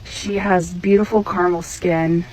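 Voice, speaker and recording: A woman from Missouri telling a personal testimony in an emphatic, animated way. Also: lowish voice, measured pace, poor audio. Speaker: storyteller sharing a testimony.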